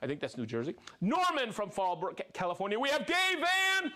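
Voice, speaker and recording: A man hosting a live product show, reading out viewer shout-outs with exuberant, playful energy, whooping and joking between names. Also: high-pitched, wildly swooping pitch, a little fast, a crowd in the background.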